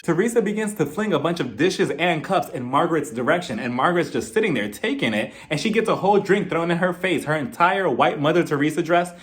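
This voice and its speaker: Animated gossipy man recapping reality TV. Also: on the high side, fairly quick, hardly any pauses. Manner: animated, gossipy, laughs often. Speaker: TV show reviewer. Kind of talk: casual recap commentary.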